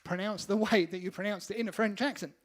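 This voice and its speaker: A man with a fairly high voice trades quick banter with his bandmate on a band's livestream. He teases and laughs easily, keeping the chat light. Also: fairly even intonation. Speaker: band member and co-host.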